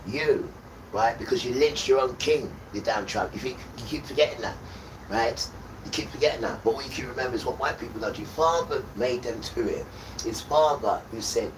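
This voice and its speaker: A man rants like a street preacher, repeating insults and rhetorical questions again and again. His mid-range voice sits some distance from the mic. A steady wash of background noise runs underneath. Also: medium pitch. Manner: scolding, repetitive, hurls insults. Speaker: livestream host. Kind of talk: ranting sermon-like monologue.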